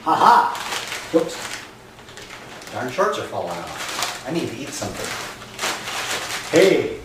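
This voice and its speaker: A man with a mid-range voice, very animated yet slow, chats and jokes directly to viewers as a gardening vlogger indoors at home. The recording is echoey, with the mic far away and a noisy background.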